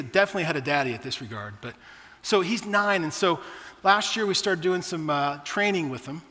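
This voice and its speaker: A man's voice: on the high side, pushed and bright, big-room sound. A man in his forties preaching a sermon, telling personal stories in a conversational way to his church. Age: 40s. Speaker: pastor.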